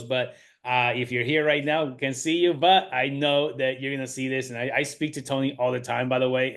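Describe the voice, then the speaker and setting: A man's voice: medium pitch, fairly bright tone. Upbeat man hyping up a team call. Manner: upbeat, hype-building, filler-heavy. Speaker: host. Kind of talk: hyped-up team call, announcing winners.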